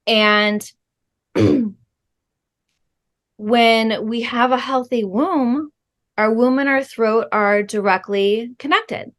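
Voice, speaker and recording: Speaking with a voice on the high side, this middle-aged woman works as a spiritual healing guide. She responds to an interviewer in a slow, deliberate, sincere manner, with gentle fillers here and there.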